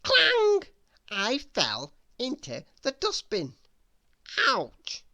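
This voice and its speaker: A woman reading a children's bedtime story aloud in the first person, with expressive storytelling. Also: on the high side, slow pace, no echo, studio quality.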